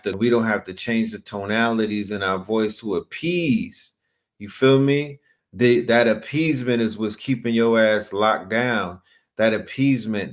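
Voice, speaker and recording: A man with a lowish voice hosts his own channel, talking straight to his viewers in a loose, slangy way. He keeps checking in with "you feel me?" as he goes. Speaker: channel host. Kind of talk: casual commentary to a live chat.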